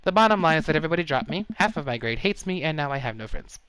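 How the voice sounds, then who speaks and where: A man's voice: fairly high pitch, lively intonation, very fast, a bit bright, clean tone, dry recording. A man voicing an upset teenage girl as he reads a game aloud, rambling through dramatic gossip. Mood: hurt.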